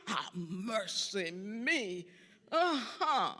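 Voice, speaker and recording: An older man, a church organist and choir director, giving a storytelling lecture in a large concert hall, animated and breaking into sung snippets. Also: sits high, unhurried. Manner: animated, sings snippets and acts out quotes.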